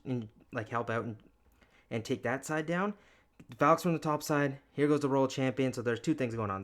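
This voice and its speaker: A man giving chatty, excitable commentary over his own strategy game replay, poking fun at his own mistakes. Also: mid-range voice. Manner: excitable, chatty, self-mocking. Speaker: gaming YouTuber.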